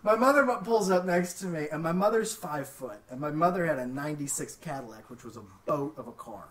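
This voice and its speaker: A man from the Pittsburgh area, casually telling a long story on a podcast, animated and swearing freely. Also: on the high side, brisk, recorded from a distance. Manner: animated, swears freely, acts out quotes in raised voices.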